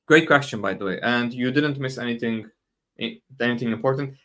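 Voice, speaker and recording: A man's voice: mid-range voice, fairly quick, fairly bright tone. A man hosting a live talk, speaking casually with frequent restarts and asides, answering audience questions and laughing now and then. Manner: casual, self-correcting, laughs often, answers chat questions. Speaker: host. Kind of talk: live stream talk on software testing.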